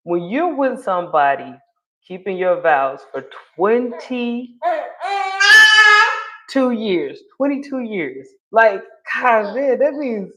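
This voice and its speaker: A woman's voice: mid-range voice, sing-song, takes it slowly, highs cut off. A woman in her thirties giving casual commentary on a clip, talking in a chatty way with many fillers and frequent laughs. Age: 30s. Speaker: vlogger reacting to a clip.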